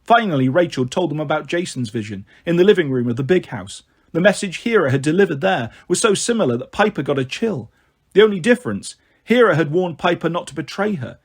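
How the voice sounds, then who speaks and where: A man reading a fantasy novel aloud as narration, slowing down for the verse lines. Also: on the high side, sing-song, slightly rough. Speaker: audiobook reader. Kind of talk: storybook narration with light character voices.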